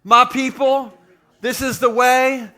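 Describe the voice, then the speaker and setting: A middle-aged man, a pastor, preaching a jokey, animated sermon to a live congregation in a church. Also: very high-pitched, slow. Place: church sanctuary with live audience.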